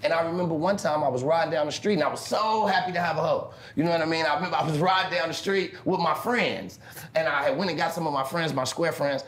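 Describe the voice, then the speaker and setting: An interview clip played on a stream features a pimp telling animated stories at a quick pace, cursing often and acting out other people's voices. His voice is on the high side and fairly bright, and the audio is reverberant with a slight hiss or hum.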